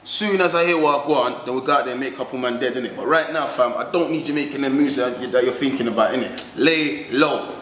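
A man's voice: mid-range voice, fast, a bit bright, roomy sound, slight background noise, close to an everyday voice, low-quality recording. A man playing a controlling gang boss. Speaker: gang leader. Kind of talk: indie street film acting.

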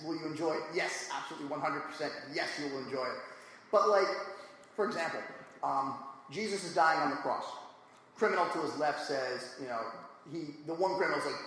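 A man with a fairly high voice talks in a loose, slangy, joking way on a live panel, acting out little quoted voices as he goes. His voice rings through an echoey hall with a long reverb tail and a faint hiss underneath. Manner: animated, jokey, slangy retelling with mock quotes. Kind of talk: casual panel discussion.

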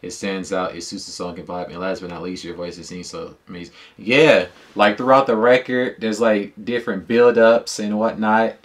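Laid-back low-voiced man reacting to music. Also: fairly even intonation, normal speed, hardly any pauses. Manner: laid-back, slangy, thinks aloud with fillers. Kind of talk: casual reaction commentary. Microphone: dedicated microphone.

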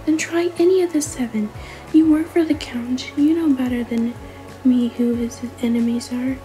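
A woman's voice: sits high, steady tone, normal speed, warm tone, soft background music, close to an everyday voice, poor audio. A woman voicing a nervous, cowering male dwarf shopkeeper in a whispered role-play, pleading and jumpy. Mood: anxious.

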